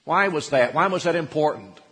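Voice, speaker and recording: A man's voice: on the high side, brisk. Emphatic man preaching in a reverberant hall. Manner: animated, rising to emphatic peaks, asks the congregation questions. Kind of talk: sermon. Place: church sanctuary.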